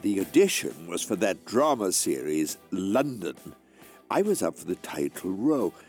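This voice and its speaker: A Scottish man narrating a scripted comedy in a deadpan, self-important way. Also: deep voice, moderate pace, faint music behind. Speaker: actor narrating his own story. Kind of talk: scripted comedy monologue and dialogue.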